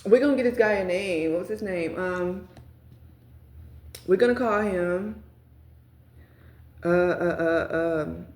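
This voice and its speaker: A woman's voice: on the low side, slow pace, long pauses. A young adult woman telling a casual storytime vlog, swearing freely and addressing her viewers directly. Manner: profane, animated, talks straight to viewers. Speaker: storyteller vlogger. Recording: roomy echo.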